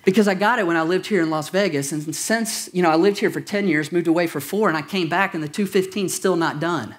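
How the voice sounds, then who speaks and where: A man's voice: sits high, a little fast. A pastor preaching a sermon to his congregation, conversational and jokey, with asides and questions to the room. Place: church auditorium.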